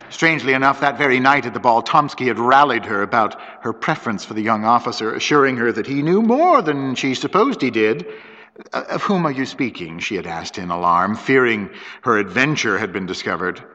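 A man's voice: mid-range voice, pushed and bright. A man narrates a story in a dramatic, varied reading. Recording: dull lo-fi recording with long hall reverb.

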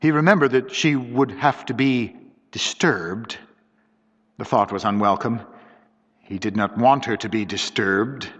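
A man's voice: medium pitch, a bit bright. Man reading a story in a reverberant hall. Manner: measured, dramatic reading. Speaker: narrator. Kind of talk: audiobook narration of a mystery story. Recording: dull lo-fi audio with long reverb.

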